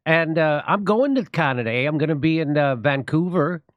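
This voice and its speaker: A man's voice: a little high, lively intonation, normal speed, no room sound, highs cut off. A man hosting a casual podcast chat, asking his guest questions and repeating words as he starts sentences. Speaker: podcast host, comedian.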